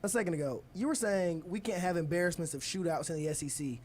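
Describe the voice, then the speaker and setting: A young American man with a fast, fairly high voice hosts a college sports radio show, previewing games in a casual, energetic way. He leads the segment, though he stalls and laughs along the way.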